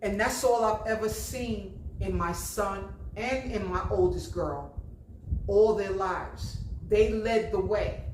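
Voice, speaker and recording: A woman's voice: mid-range voice, darkish tone, slight background noise. Blunt, emphatic woman over fifty delivering a vlog lecture; roomy echo, light ambience. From New Jersey. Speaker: vlogger. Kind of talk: casual monologue. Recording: echoey room with faint ambience.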